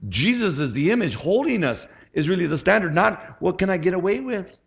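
A man's voice: sits high, very animated, brisk, creaky. A middle-aged man preaching a conversational sermon as pastor, chatty and asking the congregation for amens. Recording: dull lo-fi sound.

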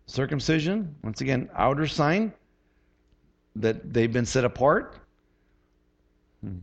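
A male pastor preaching a sermon in an animated, conversational way, often repeating words as he starts a thought. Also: medium pitch, slow pace, vocal fry, muffled recording.

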